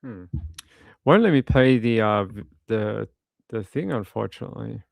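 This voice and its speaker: Gravelly man on a casual true crime stream. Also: lowish voice, animated, normal speed, no echo, clean studio sound. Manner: rambling and indignant, with frequent restarts. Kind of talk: casual commentary while watching videos.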